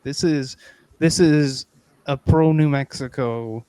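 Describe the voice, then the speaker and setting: A male podcast host with a fairly high voice, talking in an unhurried, drawn-out way. He is playful and mock-earnest, jumping into loud excited bursts. The recording is dry and close. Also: smooth, no room sound. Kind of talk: casual comedic chat.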